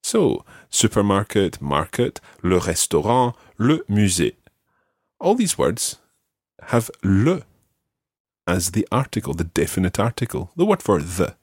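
A man hosting a language-learning podcast, teaching patiently and modelling words clearly for the listener. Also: lowish voice, big pitch swings, a little slow, no room sound, clean studio sound. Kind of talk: language lesson with an ad read.

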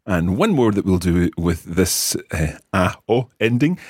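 Deep husky Scottish man teaching. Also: animated, slow pace, no echo, clean studio sound. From Scotland. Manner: patient, enunciates words for learners to repeat. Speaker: language teacher, podcast host. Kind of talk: audio language lesson.

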